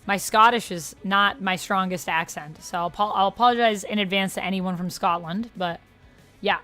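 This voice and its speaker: Woman streamer, casual chatty host reading chat, soft music behind. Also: medium pitch, normal speed. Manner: chatty, reads and answers chat aloud. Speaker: livestream host. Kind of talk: casual just-chatting livestream.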